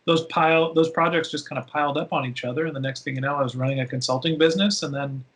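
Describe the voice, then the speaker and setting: A man who is a podcast guest, telling stories in a casual interview with lively, animated delivery. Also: fast. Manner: animated storyteller with big pitch jumps.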